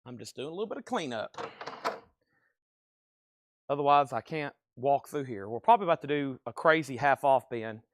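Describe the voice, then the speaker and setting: A man hosting a live record sale who rattles off bids and prices in quick auctioneer fashion while moving around the shop. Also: medium pitch, lively intonation, dry recording. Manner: rapid auctioneer-style bid calling. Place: record store.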